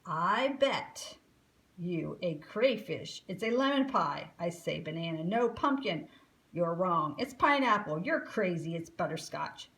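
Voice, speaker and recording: A woman's voice: fairly low pitch, animated, a little slow, a bit bright. A woman voicing a sneering gang of big alligators in a storybook reading.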